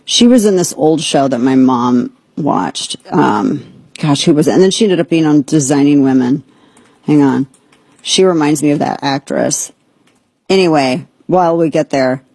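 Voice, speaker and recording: Sarcastic husky talk-radio host woman. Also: sits low, animated, moderate pace, darkish tone, dry recording. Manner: sarcastic, incredulous, mocking. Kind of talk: opinionated talk radio commentary.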